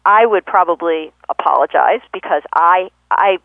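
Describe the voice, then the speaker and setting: A woman guest explaining communication in a thoughtful, conversational way, pausing often with fillers and self-corrections. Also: on the low side, gravelly, dry recording. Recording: tinny phone-line radio audio.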